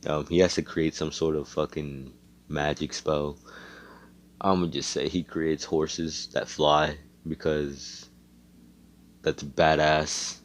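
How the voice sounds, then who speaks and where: A young man with a deep voice tells an improvised fan story. He rambles in a profane, slangy way and keeps correcting himself as he goes. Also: flat delivery, slow pace, slight background noise.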